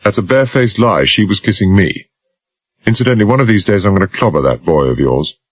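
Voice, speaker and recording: A man's voice: fairly low pitch, lively intonation, fast talker, no echo, voice pushed up. A man voicing a cocky young adventurer who talks wryly and teasingly in an audiobook. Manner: wry, teasing, quietly menacing.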